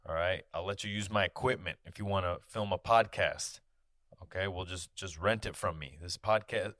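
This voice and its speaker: A man's voice: fairly low pitch, fairly bright tone, no room sound, studio quality. A man hosting his own podcast, talking in a candid casual monologue, swearing freely and peppering his talk with "you know". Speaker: podcast host. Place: podcast studio.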